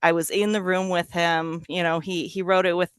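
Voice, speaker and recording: A woman's voice: on the low side, little pitch movement, moderate pace, smooth, no room sound, studio quality. A woman, a fan guest, recalling a meeting in a giddy, emotional way, laughing often. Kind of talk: casual interview recollection.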